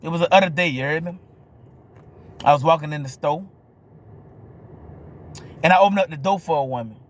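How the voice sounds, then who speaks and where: A man's voice: a little high, fairly quick. A man from New Orleans with a New Orleans accent, ranting to camera in a blunt, profane monologue and asking "you hear me?" over and over. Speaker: vlogger.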